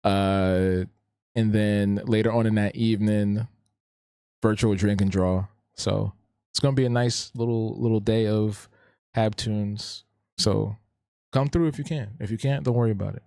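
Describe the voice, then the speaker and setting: A man's voice: lowish voice, steady tone, a little slow, darkish tone, smooth, no echo, clean studio sound. A man hosting a live drawing stream, chatting casually in a laid-back, slangy way and often repeating his phrases. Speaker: live-stream host and artist.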